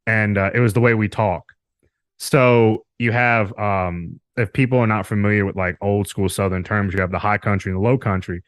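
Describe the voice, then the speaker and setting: A man's voice: lowish voice, fairly even intonation, moderate pace, no room sound, clean studio sound. A man from Alabama, a podcast guest chatting casually, rambling with frequent laughs and loose swearing. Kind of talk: casual interview chat.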